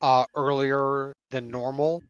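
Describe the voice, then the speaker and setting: A man's voice: mid-range voice, little pitch movement, slow pace, clear, resonant tone, no room sound. Hesitant man on a dull lo-fi mic. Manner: hesitant, lots of ums and restarts. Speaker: podcast co-host steering the discussion. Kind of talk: casual chat.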